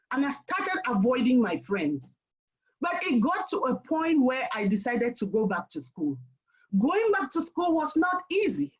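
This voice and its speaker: A middle-aged woman telling her own life story to listeners, with an emphatic, direct way of speaking. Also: sits high. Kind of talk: personal storytelling. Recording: muffled lo-fi recording.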